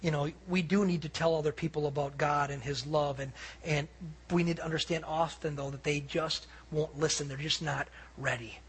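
A man preaching a sermon with a husky, somewhat raspy voice that sits high for a man. He tells stories in an animated way, acting out what people said. He speaks as a pastor to his congregation. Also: moderate pace.

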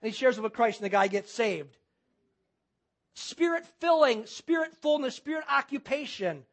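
A man's voice: extremely high pitch, expressive, moderate pace. A man preaching a sermon as pastor, using repetition and rhetorical questions.

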